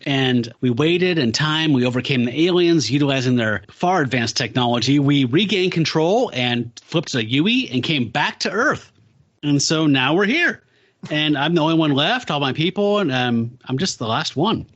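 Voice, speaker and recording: Give me a man on a comics podcast who acts out the lines, husky and very lively in pitch. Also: normal speed, no echo, highs cut off. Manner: reads comic dialogue aloud in put-on voices, laughs often. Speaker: podcast co-host. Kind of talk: casual comic book discussion.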